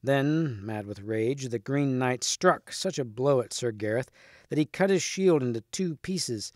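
A man, a teacher, reading a storybook chapter aloud at a clear, steady pace. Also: mid-range voice, unhurried, no room sound, studio quality.

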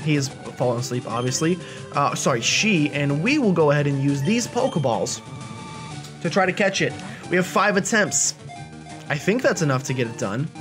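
A chatty young man talks through a video game run in an animated, self-deprecating way. His voice sits high for a man, and faint game music plays under the commentary. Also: moderate pace. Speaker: let's play host.

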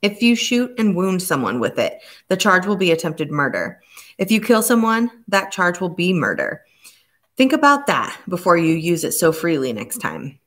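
A woman reading the part of a stern male police inspector who speaks slowly and grimly. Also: on the low side, big pitch swings, a bit bright. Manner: slow, measured and grim.

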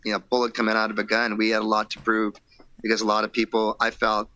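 A man, a rock singer guesting on an interview show, telling stories in a casual, animated way and acting out old conversations. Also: lowish voice, fast. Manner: animated storyteller acting out quotes, laughing, swearing.

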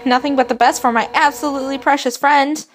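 A woman voicing a brash, hot-headed female fish warrior captain from a video game, blunt and boastful with gruff outbursts. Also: high voice, fairly even intonation, a little fast, a little hiss or hum, voice pushed up, lightly acted. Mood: teasing. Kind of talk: reading game dialogue aloud.

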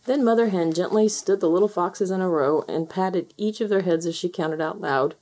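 A woman's voice: fairly low pitch, normal speed. Woman reading a children's story aloud. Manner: gentle, expressive storytelling. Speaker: storybook reader.

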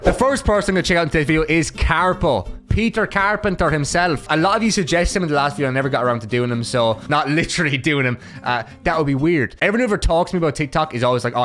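A man's voice: fairly high pitch, expressive, fast, a bit bright, soft background music. An Irish man hosting a casual reaction video, joking and swearing in chatty asides. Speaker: YouTuber reacting to clips.

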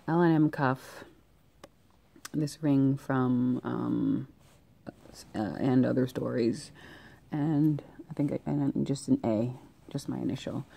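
A woman's voice: extremely low pitch, vocal fry, dark tone, a little hiss or hum. A young woman vlogging her outfits in casual chat, annoyed and ranting, with many fillers and restarts.

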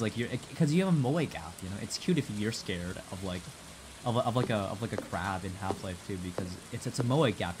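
A young man streaming a game, chatting casually, rambling and restarting his sentences, swearing and reading chat aloud. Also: lowish voice. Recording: steady background noise.

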